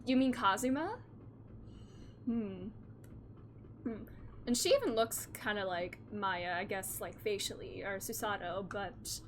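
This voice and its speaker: A woman's voice: fairly high pitch, fairly bright tone, a little hiss or hum. A woman streaming a game, chatting casually, giggling and reading lines aloud. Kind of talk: casual let's-play commentary.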